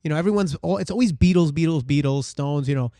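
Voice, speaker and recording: A man with a Brooklyn accent hosting a casual interview, excitable and playful. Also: fairly high pitch, quick pace, no echo, clean studio sound. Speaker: podcast host.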